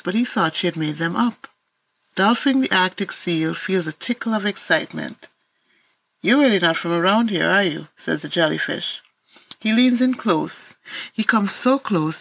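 A woman's voice: on the low side, expressive, normal speed, creaky, fairly bright tone, a little hiss or hum, poor audio. A woman from Antigua with an Antiguan accent, an author reading her own children's picture books aloud in lilting storybook narration.

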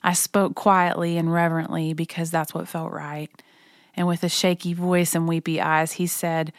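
A woman narrating a personal story in a quiet, gentle, reflective way. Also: lowish voice, level tone, normal speed, no room sound, clean studio sound. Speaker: narrator reading her own memoir.

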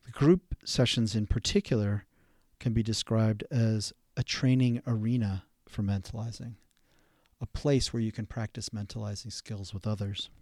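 A man hosts an instructional therapy podcast, explaining ideas in a measured, halting way with frequent ums and restarts. His voice is low and mellow. The recording is dry and close, with no room sound. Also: steady tone, dry recording.

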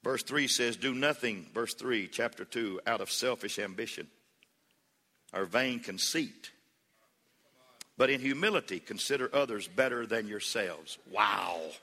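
A man's voice: fairly low pitch, animated, a little slow, sharp tone, breathy edge. A man preaching a sermon as pastor, building to fervent peaks, calling on the congregation to answer back, and telling folksy jokes and stories. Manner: preaching with rising fervor, calls for congregation responses; folksy humor and storytelling. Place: church hall. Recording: echoey hall reverb.

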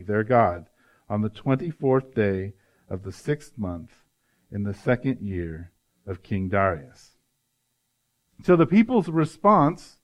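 A man's voice: mid-range voice, highs cut off. A male pastor giving an earnest, conversational sermon, often adding "right?" to his points.

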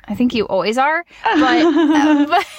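A woman's voice: high-pitched, animated, moderate pace, dry recording. A woman co-hosting a podcast, chatting casually with many fillers and frequent laughs, and reading an ad in the same easy way. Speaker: podcast co-host. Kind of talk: casual podcast chat with ad read.

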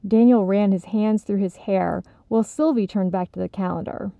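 A woman narrating a story in a steady, even storytelling manner. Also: mid-range voice, moderate pace, creaky, no echo. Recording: slightly dull, dry recording.

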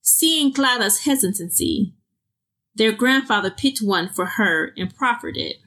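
A woman's voice: on the high side, animated, measured pace, bright, forceful tone. A woman hosting a podcast who chats casually, addresses her listeners directly, and reads her own short fiction aloud. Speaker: podcast host. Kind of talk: casual chat and story reading.

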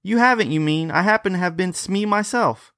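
A man's voice: high voice, fairly quick, fairly bright tone, no echo, studio quality, voice pushed up. A man reading a ghost story aloud, voicing a brash, teasing young man calling out at a party.

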